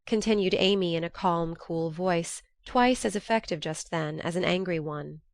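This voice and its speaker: Narrating a classic novel for an audiobook, a woman with a fairly low pitch tells the story in a measured, even manner. There is no echo in this scripted reading.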